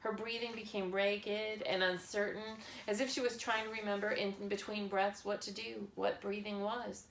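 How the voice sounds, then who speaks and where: A woman narrating a children's novel chapter in a slow, measured reading style. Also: medium pitch, flat delivery, gravelly, a bit bright, a little hiss or hum. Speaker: audiobook narrator. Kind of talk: scripted narration. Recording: echoey room with faint ambience.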